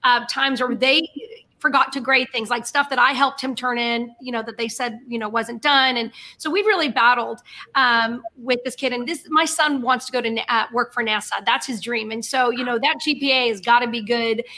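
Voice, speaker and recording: Woman, middle-aged, co-host, chatty, rambling, bright. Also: fairly high pitch, fairly even intonation, moderate pace. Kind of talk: casual faith podcast chat.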